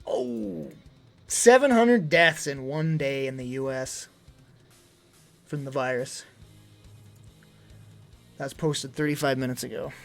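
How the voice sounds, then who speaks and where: A young male streamer talks in a slightly high voice, out of breath as he rambles on in casual chat. He worries aloud, jumping between loud emphatic bursts and low mutters, with faint music playing behind him. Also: slow pace, vocal fry, long pauses.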